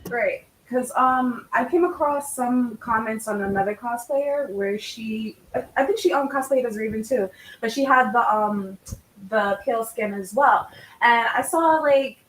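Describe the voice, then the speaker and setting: A woman's voice: fairly high pitch, unhurried, a little hiss or hum. A woman with a New York accent in a casual panel discussion, talking hesitantly with many fillers. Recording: echoey room.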